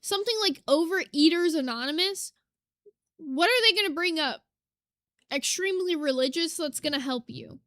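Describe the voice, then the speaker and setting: Woman reacting to a video, very high voice, bright tone, blunt and profane, dry close mic. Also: normal speed, dry recording. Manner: blunt, profane, exasperated ranting. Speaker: reaction streamer. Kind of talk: reaction commentary.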